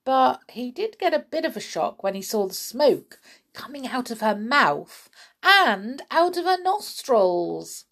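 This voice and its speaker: Slow, lively woman reading a children's story. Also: medium pitch. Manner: expressive, dramatic read-aloud.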